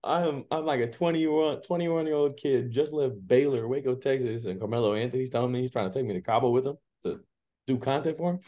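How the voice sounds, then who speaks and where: A man in his twenties telling a story as an interview guest, relaxed and rambling with many filler words. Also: mid-range voice, a little fast. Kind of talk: casual storytelling.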